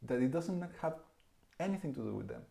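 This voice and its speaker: A man's voice: medium pitch, brisk, gravelly. A man from Argentina, a podcast guest, talking casually and thinking aloud with many "like" and "right?". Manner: relaxed, talks things through with many "like" and "right?". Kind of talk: casual chat.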